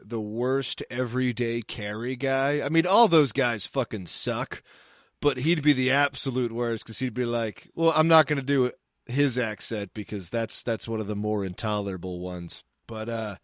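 A man's voice: mid-range voice, moderate pace, no echo. Guy ranting loose and crude on a podcast, mid voice, dead dry sound. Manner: crude, rambling, jokey. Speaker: podcast co-host. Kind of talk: casual chat.

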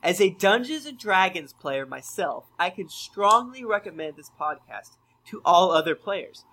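A man's voice: high-pitched, very animated, unhurried, sharp tone. A man co-hosting a casual podcast among friends, reading listener reviews aloud with playful, jokey emphasis.

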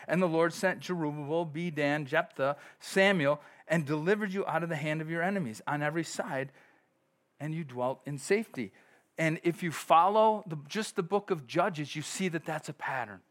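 A middle-aged pastor preaching a sermon in a conversational way, with sudden loud bursts. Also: male voice, a little high, animated, moderate pace.

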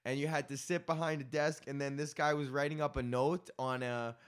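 A man's voice: on the high side, fairly even intonation, a little fast, clear, resonant tone. A young man hosting his comedy podcast, ranting in a loose, rambling, profane way. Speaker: podcast host. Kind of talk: casual comedic rant.

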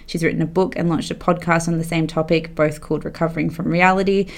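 A woman with a fairly low voice opens a podcast episode with an upbeat scripted introduction. Her voice has a lot of vocal fry. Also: steady tone, fast. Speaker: podcast host.

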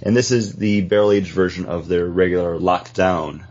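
A man with a low, husky voice hosting a casual podcast. He talks in a relaxed way, introducing segments to his co-hosts. The sound is dull and lo-fi. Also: moderate pace. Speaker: podcast host. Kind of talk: casual chat.

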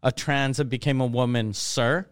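Man with a smooth, clear voice riffing jokes. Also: medium pitch, fairly even intonation, moderate pace, no room sound, clean studio sound. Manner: laid-back, riffing jokes and funny asides. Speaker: podcast co-host. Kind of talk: casual comedic chat.

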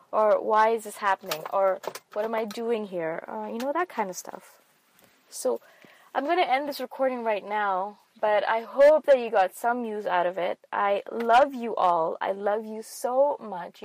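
A woman's voice: medium pitch, no echo, rough recording. A woman hosting a podcast alone in her car, talking in an emphatic, heartfelt, repetitive way. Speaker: podcast host. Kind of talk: spontaneous motivational monologue. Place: inside a car. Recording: faint car cabin noise.

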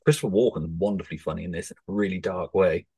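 A man's voice: sits low, fast, dark tone, breathy edge, dry recording. A man hosting a podcast, chatting casually about a film, laid-back and given to swearing. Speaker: podcast host.

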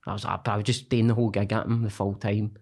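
A man's voice: fairly low pitch, little pitch movement, fast talker, gravelly, a little mellow, slightly rough. A Scottish comedian, a man, telling jokey, sweary stories as a guest in casual podcast banter on a close studio mic. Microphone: studio mic close to face.

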